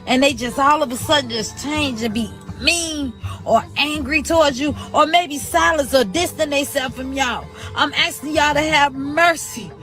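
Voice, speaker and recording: A woman's voice: high voice, moderate pace, hardly any pauses, a bit bright. Grieving woman, emotional testimony, preachy and pleading, faint music bed. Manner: preachy, pleading, quotes scripture. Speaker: grieving sister in a live video.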